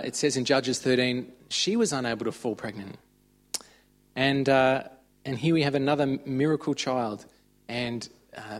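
A man giving an informal, conversational sermon. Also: medium pitch. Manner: conversational, chatty retelling of stories. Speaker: preacher.

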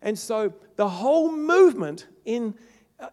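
A man preaching a sermon to a congregation, rising to loud, emphatic peaks and then dropping low and soft. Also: sing-song, unhurried. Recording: long reverb of a large hall.

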